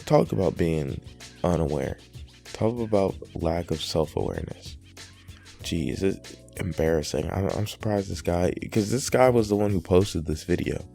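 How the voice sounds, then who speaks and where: A man's voice: deep voice, moderate pace, creaky, warm tone, soft background music. A man hosting reaction commentary, exasperated and rambling with many fillers. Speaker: commentary host.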